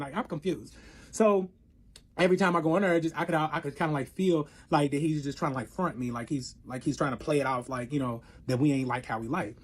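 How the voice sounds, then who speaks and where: Casting note: man with a high, quick voice, spilling a wild story with lots of swearing. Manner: animated, profane, acts out both sides of arguments. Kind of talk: casual storytelling.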